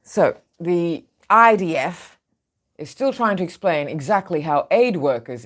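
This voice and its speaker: A woman hosting an opinionated news show, outspoken and sarcastic in her asides. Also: deep voice.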